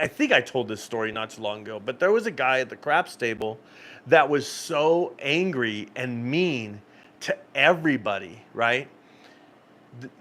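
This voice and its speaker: A man's voice: mid-range voice, a bit bright. A man hosting a cruise channel live stream, telling stories in a rambling, casual way with frequent laughs and restarts.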